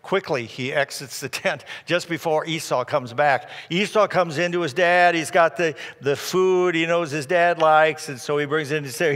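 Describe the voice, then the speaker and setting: A male pastor retelling a scripture story in a sermon, dramatic, dropping soft at tense moments. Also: a little high, fairly even intonation, moderate pace, hardly any pauses. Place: church sanctuary. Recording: long reverb of a large hall.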